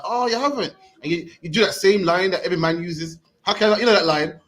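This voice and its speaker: A man's voice: sits high, fast, hardly any pauses, fairly bright tone. A British man in his thirties preaching in the street, emphatic, tagging "man" onto his sentences. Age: 30s. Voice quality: emphatic, repeats "man" at line ends.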